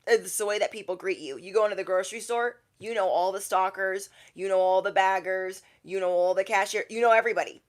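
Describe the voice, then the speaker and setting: A woman's voice: mid-range voice, fast talker, hardly any pauses. A young adult woman, a tarot reader, talking casually on a livestream and acting out quoted people in shifting voices.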